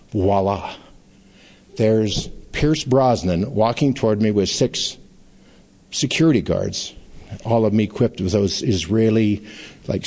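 A middle-aged man, a newspaper columnist, telling stories in an interview in a rambling, halting way with frequent restarts. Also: on the low side, a little mellow, husky. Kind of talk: anecdotal storytelling in an interview.

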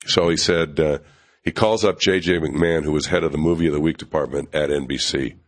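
Older man, very deep voice, animated storyteller. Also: a little fast. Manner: animated, acts out other people's lines; frequent fillers and restarts. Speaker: television writer and producer. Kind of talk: anecdotal storytelling in an interview.

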